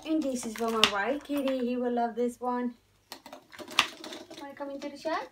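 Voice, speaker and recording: A woman's voice: a little high, normal speed, long pauses. A young woman, unboxing new things at home and cooing to her pets in a sing-song way. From Norway. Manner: coos and sing-songs at her animals. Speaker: pet vlogger. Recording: noisy home recording.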